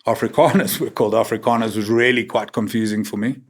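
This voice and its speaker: A man's voice: on the low side, fairly even intonation, fast talker. A South African man in his fifties, a guest on a talk show, telling stories frankly and tagging his sentences with "man" and "right?". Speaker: podcast guest. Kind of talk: candid conversational interview.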